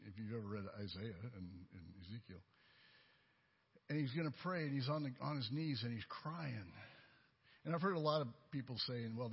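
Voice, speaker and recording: A man's voice: medium pitch, muffled recording. A man giving a sermon with personal testimony, telling stories in a folksy, conversational way. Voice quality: husky. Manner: folksy, storytelling, conversational preaching. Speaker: lay preacher.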